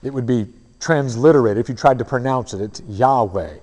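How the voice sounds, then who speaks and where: A man delivering a sermon in a relaxed, mellow voice, telling a story earnestly and pausing to restart his thoughts. His words ring out with a long reverb, as if spoken in a large hall. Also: medium pitch. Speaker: preacher.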